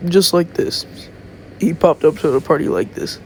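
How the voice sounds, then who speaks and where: A young man records himself on his phone while casually making up a fan-fiction story as he goes, rambling and thinking out loud. His voice is fairly high and moves at normal speed, with a little hiss or hum in the background.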